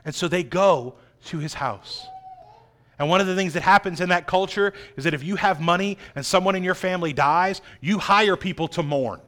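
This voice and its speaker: A man preaching a sermon, dramatic, swinging between loud emphasis and hushed, quiet lines. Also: high-pitched, normal speed. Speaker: pastor.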